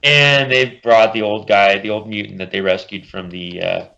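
A man with a fairly low voice talks through a comic book plot in casual podcast chat. He keeps up the recap with his own asides. The recording sounds dull and lo-fi. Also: steady tone, vocal fry, bright, forceful tone. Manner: summarizes plots and puts on quick character voices.

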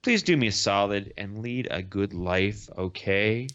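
A man's voice: on the low side, a little slow, fairly bright tone. A man reading the lines of a sarcastic young woman archer hero, in a dull lo-fi recording. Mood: wry.

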